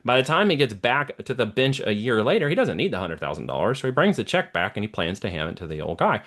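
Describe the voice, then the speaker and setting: A man's voice: mid-range voice, big pitch swings, fast, fairly bright tone. A middle-aged man talking as an interview guest, giving a motivational talk and often checking in with "okay?" and "right?". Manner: preachy, checks in with listener often. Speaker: guest, entrepreneur.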